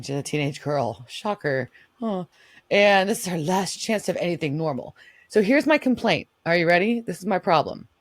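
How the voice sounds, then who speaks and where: A woman's voice: low-pitched, dry recording, clean studio sound. A woman co-hosting a podcast, recapping an episode in casual chat, swearing and acting out the characters' lines. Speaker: podcast co-host. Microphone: remote recording setup.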